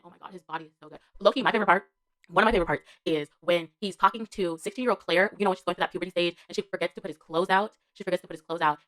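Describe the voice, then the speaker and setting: Fast-talking woman gushing in a casual vlog. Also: fairly low pitch, a bit bright. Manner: rambling and gushing, full of fillers and slang; laughs between remarks. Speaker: TV review vlogger. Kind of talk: casual spoken show review.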